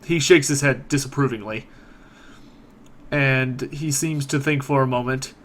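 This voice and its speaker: A man narrating a tabletop game as game master, relaxed, with fillers. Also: medium pitch, unhurried.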